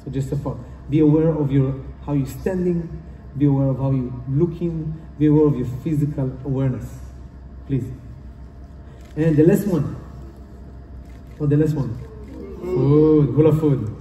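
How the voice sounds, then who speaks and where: A man's voice: fairly high pitch, moderate pace, warm tone, slight background noise. Earnest man speaking in a distant echoey hall. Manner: earnest, repetitive, non-native phrasing. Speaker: conference speaker. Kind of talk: motivational talk. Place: conference hall. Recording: roomy hall from far off.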